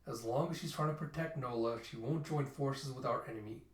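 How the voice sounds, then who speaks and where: A man voicing a cold, calculating male scientist in a manga readthrough, calm and matter-of-fact. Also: mid-range voice, fairly quick, lightly acted. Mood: scheming. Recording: roomy echo, mic at a distance.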